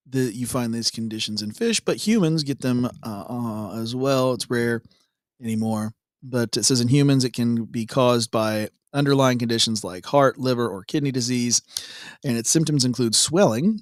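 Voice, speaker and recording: A man's voice: mid-range voice, unhurried, no room sound, studio quality. Laid-back jokey man reading scripture. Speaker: co-host of a devotional show. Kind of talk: casual Bible reading and chat.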